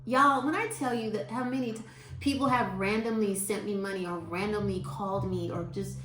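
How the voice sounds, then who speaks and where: A woman, telling stories to her viewers in a chatty, expressive way. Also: mid-range voice, brisk, reverberant. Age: 50s. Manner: chatty and expressive, quotes people in lively voices. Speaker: vlogger. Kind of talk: casual storytelling to viewers.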